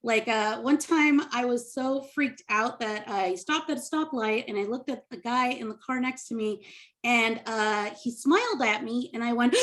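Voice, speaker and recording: A woman's voice: on the high side, normal speed, fairly bright tone. A woman comic doing a rambling, self-deprecating stand-up set on a video call. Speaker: stand-up comedian.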